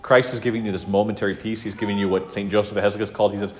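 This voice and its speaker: A man's voice: on the low side, flat delivery, very fast, few pauses, slight background noise. A man giving an earnest, conversational religious teaching talk to a class, with asides and self-corrections. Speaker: teacher of a class on spiritual life. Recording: roomy, dull lo-fi room recording.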